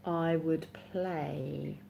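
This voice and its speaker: A woman with a low-pitched, mellow voice chats casually with viewers on her live stream. She sounds sleepy and keeps yawning, but stays giggly and pokes fun at herself, with a faint hiss of noise behind her. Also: steady tone, extremely slow, gravelly. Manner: chatty, giggly, self-mocking.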